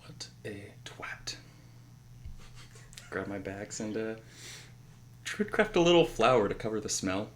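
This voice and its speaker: Male player, lowish voice, understated dry delivery, faint background hum. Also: expressive, normal speed. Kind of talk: casual table chat and in-character lines.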